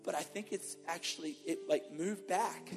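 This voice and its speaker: A man voicing an excited woman who has been healed in church, breathless and gushing. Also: sits high, normal speed, over music. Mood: explaining. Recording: long reverb of a church hall.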